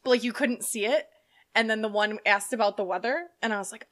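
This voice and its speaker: A woman's voice: medium pitch, fairly even intonation, fast talker, fairly bright tone. A woman co-hosting a comedy podcast, crude and jokey, laughing often and trying out silly accents. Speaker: podcast co-host. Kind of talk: casual comedic chat.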